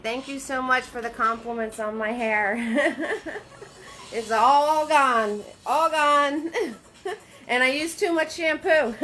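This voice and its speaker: A woman's voice: on the high side, fairly bright tone. A woman running a live-stream painting class, chatty and often laughing, greeting her viewers by name in a sing-song voice. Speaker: painting instructor.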